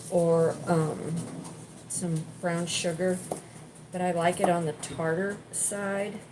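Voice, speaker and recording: A woman's voice: lowish voice, background noise. A woman vlogging casually while she cooks in her home kitchen, telling stories and venting about her day. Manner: chatty, venting storyteller. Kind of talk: casual chat while cooking.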